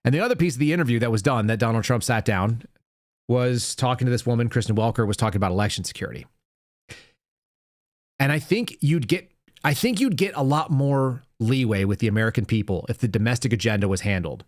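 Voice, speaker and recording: A man's voice: medium pitch, lively intonation, fast, dry recording, studio quality. A male podcast host giving wry, sarcastic commentary while reading headlines aloud. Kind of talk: live-stream commentary.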